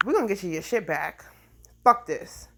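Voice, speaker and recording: A woman's voice: medium pitch, expressive, moderate pace, background noise, close to an everyday voice. A woman playing God as a blunt, fiercely protective parent who comforts and scolds with profanity.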